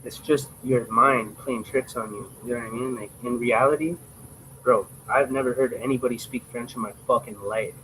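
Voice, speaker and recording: A man's voice: medium pitch, steady tone, normal speed, a bit bright, slight background noise, poor audio. A young Canadian man with a Canadian accent, chatting casually on a livestream, blunt and profane, calling the viewers "bro.". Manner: blunt, profane, emphatic, says "bro" often.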